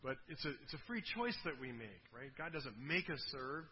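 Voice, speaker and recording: A man's voice: mid-range voice, big pitch swings, moderate pace, big-room sound, muffled recording, a little hiss or hum. A man preaching a sermon in a conversational way, often asking his listeners rhetorical questions. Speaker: pastor.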